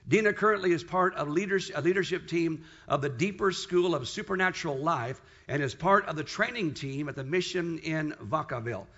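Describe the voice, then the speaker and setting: A man's voice: fairly high pitch, fairly quick, few pauses, a bit bright, muffled recording. A man with a South African accent, a pastor introducing a guest speaker in a church service. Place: church sanctuary.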